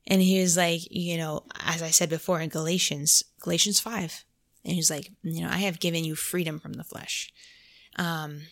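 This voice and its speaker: A woman with a low, steady voice speaks at a moderate pace while hosting a casual faith podcast. Her story is sprinkled with "like," and she quotes her own prayers aloud as she goes.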